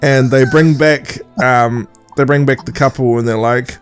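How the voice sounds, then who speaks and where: A man's voice: medium pitch, fairly even intonation, unhurried, clean tone, soft background music. Sarcastic man recapping a show. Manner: sarcastic, mocks characters in silly voices. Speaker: podcast co-host. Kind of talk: casual recap chat.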